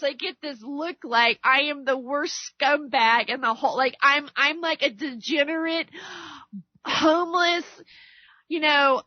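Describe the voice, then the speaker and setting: A woman's voice: high voice, no echo. A woman hosting a radio talk show, delivering a rambling, heated political rant full of stammered restarts and acted-out quotes of arguments. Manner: acts out arguments by quoting others. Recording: dry, dull lo-fi radio recording.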